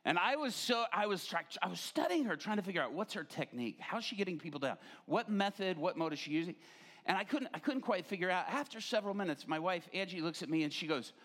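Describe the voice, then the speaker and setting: A pastor with a high, very lively voice tells a story from the pulpit and plays it for laughs. His pitch climbs and drops as he acts out each person in the tale. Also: fast talker. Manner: animated, acts out quoted voices. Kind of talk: humorous sermon storytelling.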